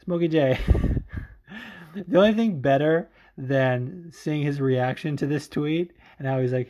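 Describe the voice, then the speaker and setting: A man's voice: on the high side, a little slow. Profane, tired podcast guy. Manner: profane, excitable, says dude a lot. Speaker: podcast host. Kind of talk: casual podcast chat.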